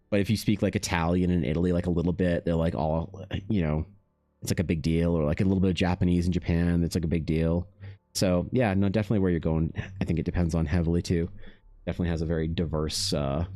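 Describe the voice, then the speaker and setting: A man's voice: low-pitched, warm tone, no room sound. A man hosting an art live stream, chatting casually with his chat and rambling with lots of fillers. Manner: rambling, many fillers, reads chat aloud.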